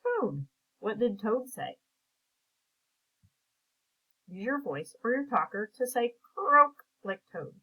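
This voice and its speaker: A woman teacher reading a picture book aloud and asking simple comprehension questions in a slow, clear, patient way. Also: on the high side, sing-song, phone-quality sound.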